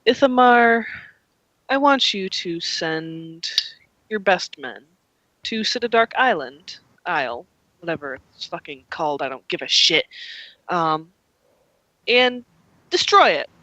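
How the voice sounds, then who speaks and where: A ruthless, scheming director barks orders in a clipped, contemptuous voice, as a game master puts him on. The tone is bright and the sound is dry, with slow, deliberate delivery. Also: male voice, sits high, lively intonation, no room sound, muffled recording, full character voice. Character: cold scheming male director, villain.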